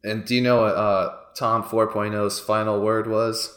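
A man in his thirties co-hosting a podcast, talking in an animated way full of fillers and frequent laughs. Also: on the low side, normal speed, echoey room. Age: 30s. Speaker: podcast co-host. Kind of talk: casual chat.

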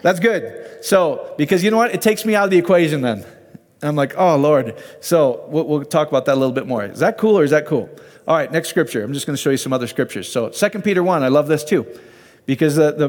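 A man's voice: a little high, long reverb tail. A man giving an informal, conversational sermon and Bible teaching, often asking his listeners questions.

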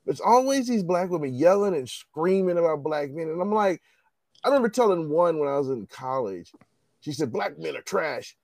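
A man's voice: a little high, animated, moderate pace, darkish tone, no echo. A man in casual conversation, ranting bluntly and profanely. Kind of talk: casual chat.

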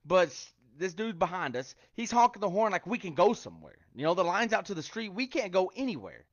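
A man with a higher-than-usual voice talks through a casual devotional, chatty and joking while he quotes scripture. The sound is dry and dull, like a lo-fi mic with no room echo. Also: very animated, a little fast. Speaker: online devotional speaker. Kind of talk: casual devotional livestream talk.

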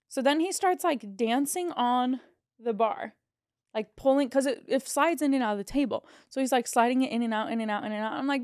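A woman casino dealer and podcast co-host telling a story in casual chat, animated, full of "like" and the odd swear word. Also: high voice, brisk, no echo, clean studio sound. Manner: animated, heavy use of "like", swearing.

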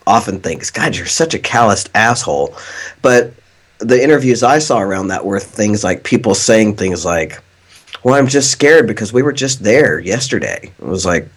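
A man's voice: on the low side, animated, normal speed. A man co-hosting a podcast, blunt and wry, talking with incredulous humor. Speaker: podcast co-host. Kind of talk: casual conversation.

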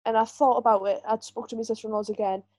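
A woman's voice: a little high, level tone, fast, darkish tone, dry recording, rough recording. A woman, co-hosting a podcast and telling a long personal story in a candid, rambling way, full of "like" fillers. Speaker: podcast co-host. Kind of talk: casual chat.

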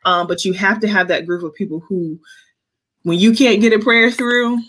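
A woman in her thirties hosting a casual faith podcast, speaking in an earnest, animated, preachy way while eight months pregnant. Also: mid-range voice, moderate pace, noisy background. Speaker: podcast host. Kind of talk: casual Christian podcast chat.

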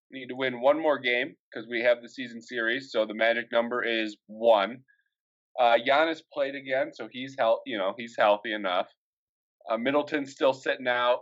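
A man's voice: mid-range voice, a bit bright, highs cut off. A young man co-hosting a casual sports podcast, laughing often as he runs through team news. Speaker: podcast co-host.

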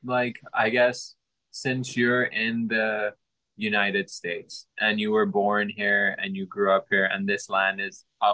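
A man's voice: fairly low pitch, sharp tone, poor audio. A man hosting a podcast, teasing his guest in an amused, rambling way. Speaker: podcast host. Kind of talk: casual podcast chat.

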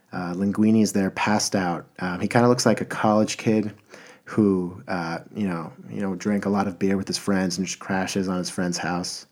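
A man's voice: low voice, a little mellow. A man hosting a podcast, talking in a rambling, enthusiastic way with lots of fillers and restarts. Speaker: podcast host. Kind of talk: casual podcast monologue.

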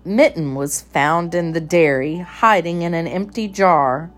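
A woman reading a children's storybook aloud with measured, expressive narration. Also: on the low side. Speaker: storybook reader.

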